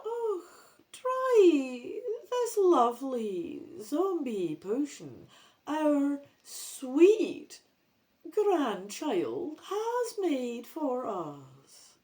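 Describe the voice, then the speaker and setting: A Scottish woman voicing a kindly grandmother who turns into a slow, droning zombie, with soft, coaxing, drawn-out lines. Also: high-pitched, huge pitch swings, pitched above the performer's own voice, heavily acted. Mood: dazed.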